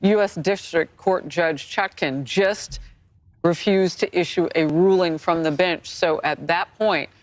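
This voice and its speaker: A woman news anchor briskly reporting a court development and turning to a guest. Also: fairly low pitch.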